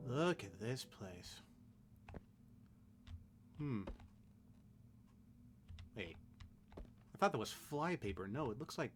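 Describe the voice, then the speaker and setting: A man's voice: medium pitch, big pitch swings, measured pace, pauses often, a little hiss or hum. A young man streaming a horror game, chatting casually in a rambling, jokey, self-deprecating way. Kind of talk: casual let's play commentary.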